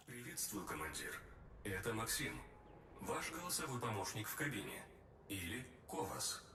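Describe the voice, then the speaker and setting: A man voicing a calm, formal male cockpit voice assistant in a spaceship game, speaking in an informative tone. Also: fairly low pitch, moderate pace, reverberant, distant mic, music in the background. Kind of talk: game voice line.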